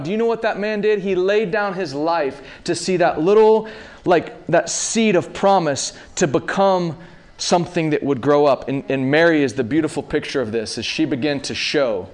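A man in his thirties preaching a sermon, talking casually to the congregation and building to loud, impassioned peaks. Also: on the high side, moderate pace. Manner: rising to loud impassioned peaks, calls to the audience.

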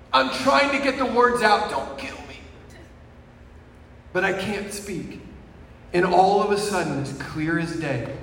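Man preaching in an echoey hall. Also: fairly high pitch. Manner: storytelling, swings from hushed to shouting. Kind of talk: sermon testimony. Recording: echoey hall from far off with faint noise.

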